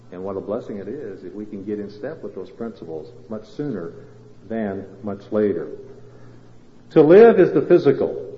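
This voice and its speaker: A male pastor preaching a sermon, moving between loud emphatic lines and quiet intimate ones and asking the congregation questions. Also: medium pitch. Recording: roomy hall reverb, dull lo-fi sound.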